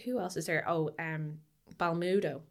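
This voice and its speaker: Chatty woman with a lowish voice. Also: steady tone, normal speed. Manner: chatty, many fillers and restarts. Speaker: podcast co-host. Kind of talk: casual chat about a film.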